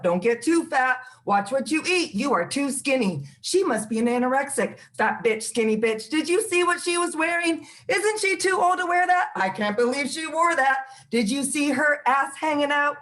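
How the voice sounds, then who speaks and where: A woman's voice: high-pitched, moderate pace, few pauses, a bit bright. A woman performing her spoken word poem at an open mic, in a rhythmic delivery of short phrases.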